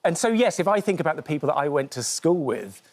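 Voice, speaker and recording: A man's voice: fairly high pitch, sing-song, fast talker. A man with a light Norfolk accent, a dialect coach talking thoughtfully in a TV interview, often restarting his sentences. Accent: Norfolk English. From Norfolk, England. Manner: thoughtful, hesitant with many restarts. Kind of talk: TV studio interview.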